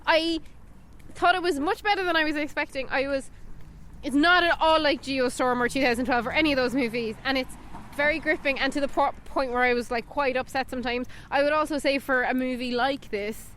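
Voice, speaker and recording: A woman with a high voice co-hosts a film podcast and chats in a lively, emphatic way. She is quick to agree, then carries on with her own take. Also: slight background noise. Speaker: podcast co-host. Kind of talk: casual film review chat.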